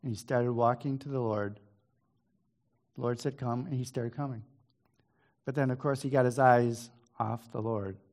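A man's voice: mid-range voice, fairly even intonation, normal speed, pauses often, a little mellow. Man musing through a Bible reading. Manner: reads scripture aloud then muses conversationally with asides; hesitant restarts and throat clearing. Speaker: Bible teacher. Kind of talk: informal Bible study talk.

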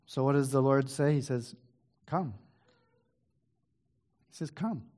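A man's voice: mid-range voice, little pitch movement, fairly quick, dark tone. Man musing through a Bible reading. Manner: reads scripture aloud then muses conversationally with asides; hesitant restarts and throat clearing. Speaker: Bible teacher. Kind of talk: informal Bible study talk.

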